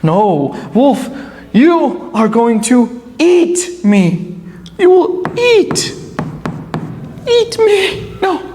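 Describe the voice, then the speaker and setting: A woman's voice: fairly high pitch, sing-song, extremely slow, warm tone, a little hiss or hum, full character voice. A jittery crane frets and refuses over and over in a lilting storybook voice, as a woman puts him on. The sound carries the long echo of a big hall. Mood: panicked. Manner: frantic repeated refusals. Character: nervous male crane afraid of being eaten.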